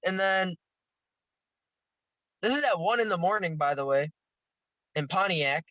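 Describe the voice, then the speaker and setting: Young male podcast guest, high bright voice, foul-mouthed storyteller, dry lo-fi audio. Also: unhurried, dry recording. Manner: profane, animated storytelling with bursts of laughter. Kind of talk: casual storytelling.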